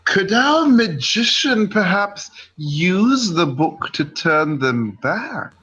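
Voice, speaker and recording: A man's voice: high voice, sing-song, takes it slowly, fairly bright tone, breathy edge, highs cut off. A man playing a tabletop game, playful, drawing out his reactions. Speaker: player. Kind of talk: tabletop role-play chat.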